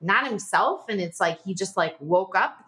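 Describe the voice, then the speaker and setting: A woman's voice: medium pitch, expressive, normal speed, a bit bright. A woman in her forties telling a personal story as a podcast guest, chatty, with lots of "like" fillers and short nervous laughs.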